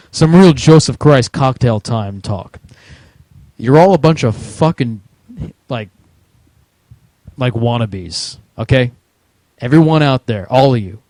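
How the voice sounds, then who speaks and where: In a warm, mid-range voice with no room sound at all, a podcast co-host with a New Jersey accent rants about video games, swearing heatedly and mocking as he goes.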